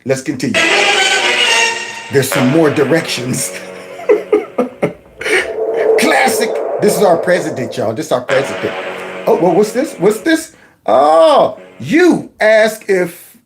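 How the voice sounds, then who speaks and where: A man giving mocking reaction commentary on video clips. His voice swings up and down with lively pitch, and he laughs and teases often while he talks. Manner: laughing, teasing, does mock voices.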